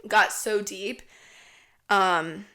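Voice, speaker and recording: A woman's voice: medium pitch, fairly even intonation, drawn-out words, sharp tone. Rambling, foul-mouthed young woman. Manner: rambling, heavy swearing, lots of "like". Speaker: podcast host. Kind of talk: casual storytime.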